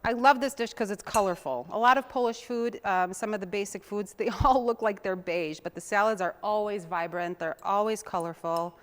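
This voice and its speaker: A woman's voice: medium pitch, normal speed, hardly any pauses. Chatty woman hosting a cooking show. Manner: chatty and homey, talks while chopping. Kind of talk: casual cooking demonstration.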